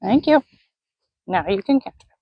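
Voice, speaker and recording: A woman training a horse on the lunge line, calmly explaining each step and praising the horse. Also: medium pitch, normal speed, slightly rough, no echo, lo-fi sound. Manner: calm coaching, talking to the horse. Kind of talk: narrated lunging session. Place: outdoor arena.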